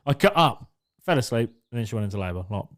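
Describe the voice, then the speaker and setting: A young podcast co-host tells a story in casual chat, swearing freely and acting out what people said. His medium-pitched voice is expressive and quick.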